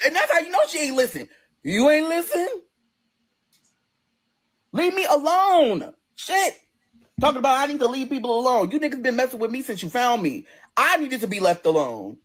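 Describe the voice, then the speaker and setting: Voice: high-pitched, big pitch swings, moderate pace, long pauses, a bit bright. A person ranting on a livestream in a combative, profane, sassy way, straight into a phone.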